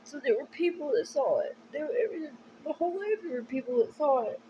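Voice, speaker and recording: A woman in a rambling personal monologue, talking in a halting, emotional way with many restarts. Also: sits high, lively intonation, mellow, muffled recording, a little hiss or hum.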